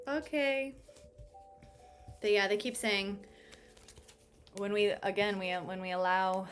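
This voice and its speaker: A woman's voice: mid-range voice, fairly bright tone. Woman, tarot reader, bubbly, effusive, laughs a lot, casual chat, faint background hiss. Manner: bubbly, giggly and effusive, often swearing and laughing. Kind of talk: casual spoken tarot reading.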